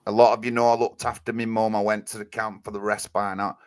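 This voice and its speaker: Male co-host, low-pitched, earnest and rambling, lots of fillers. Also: flat delivery, fast talker, smooth. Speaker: co-host and media spokesman. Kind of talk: casual live-stream chat.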